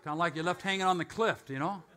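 Bright, high-voiced older male pastor. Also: quick pace. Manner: conversational, self-questioning preaching. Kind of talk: sermon.

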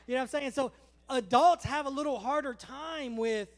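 A man preaches with a strikingly high voice. He tells stories in a lively way, acting out the people in them. It sounds like a live sermon. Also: normal speed. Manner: animated storytelling preacher, acting out dialogues. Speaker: pastor.

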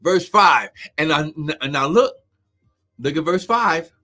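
A man preaching a live-streamed sermon, fervent and often shouting, who keeps repeating "come on now" and breaks into speaking in tongues. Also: fairly high pitch, lively intonation, takes it slowly, faint music behind.

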